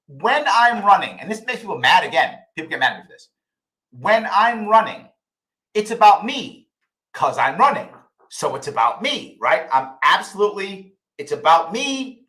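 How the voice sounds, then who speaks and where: A man's voice: a little high, sharp tone. A middle-aged man hosting a live ask-me-anything stream, emotional and repeating himself for emphasis, swearing casually. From United States. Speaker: host answering viewer questions. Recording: roomy echo.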